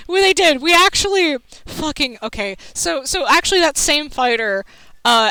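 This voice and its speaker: A woman's voice: high voice, bright, forceful tone, clear, resonant tone, rough recording. A woman streamer chatting casually while gaming, telling rambling stories with laughter and swearing.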